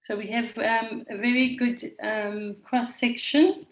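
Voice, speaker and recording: A woman moderating an online conference session over a video call, speaking in a measured, orderly way and welcoming participants. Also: on the high side, steady tone, slight background noise, poor audio. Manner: measured, orderly, reads names from the chat.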